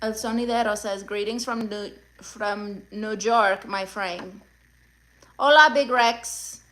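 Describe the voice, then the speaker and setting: A woman's voice: medium pitch, steady tone, takes it slowly, a bit bright. A woman with Spanish-accented English reading out a livestream chat, sassy and mock-demanding as she greets viewers by name. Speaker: livestream comedian.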